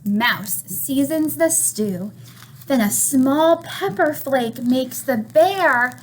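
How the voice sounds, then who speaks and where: Young librarian lady doing storytime, high voice, slow and encouraging with the kids. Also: expressive, slight background noise, poor audio. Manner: warm, encouraging, asks children questions. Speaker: children's librarian. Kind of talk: children's storytime read-aloud.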